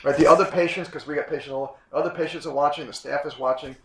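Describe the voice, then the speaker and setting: A man in his sixties, a chiropractic instructor giving a classroom lecture, emphatic, repeating his points and often clearing his throat. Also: fairly high pitch, steady tone, fast. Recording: echoey room.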